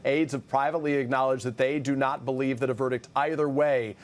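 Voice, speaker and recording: A male political correspondent delivers a news report in a crisp, steady way. He slows down when he reads quotes aloud. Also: medium pitch.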